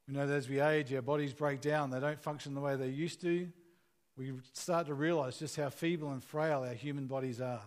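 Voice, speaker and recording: A man's voice: mid-range voice, a little mellow. A man preaching a sermon in an earnest, conversational way, asking the listeners questions as he retells a scripture story.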